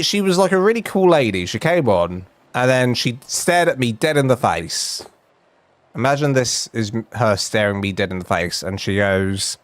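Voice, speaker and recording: A young man streams from home, telling a funny story in a chatty, self-mocking way while gaming. His voice is medium-pitched, the audio has no echo, and faint game music plays in the background.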